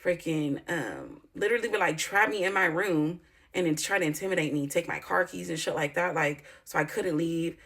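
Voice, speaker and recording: Woman vlogger, lowish voice, blunt and profane, rambling storyteller with emphatic outbursts. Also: lively intonation, normal speed, vocal fry, fairly bright tone. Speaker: YouTuber. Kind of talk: candid storytime vlog.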